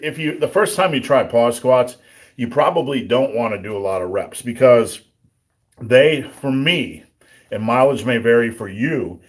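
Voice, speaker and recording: Male strength coach hosting live viewer Q&A, sore throat, frequent throat-clearing, blunt plainspoken answers with dry jokes. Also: medium pitch. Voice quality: throat-clearing, a bit rough. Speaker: livestream host answering viewer questions. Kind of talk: casual live Q&A on strength training.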